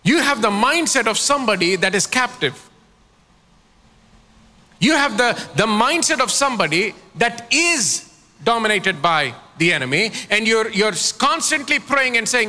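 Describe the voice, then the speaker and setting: A man's voice: very high voice, animated, normal speed, pushed and bright, in a large hall. A man preaching a sermon as pastor, calling on his congregation to answer back. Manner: preaching with call-and-response prompts to the congregation.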